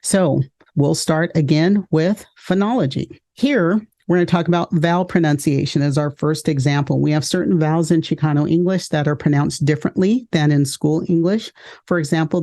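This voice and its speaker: A woman lecturing with a mellow, warm tone. She moves through her points steadily and explains each one with examples, like a teacher addressing a class. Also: low voice. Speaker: educator and podcast host.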